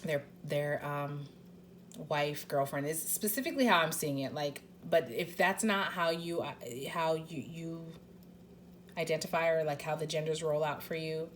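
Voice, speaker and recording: Low-voiced woman giving a rambling tarot reading. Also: moderate pace, a little hiss or hum. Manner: chatty and rambling, many fillers and restarts, swears casually. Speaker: tarot card reader. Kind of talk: casual pick-a-card tarot reading.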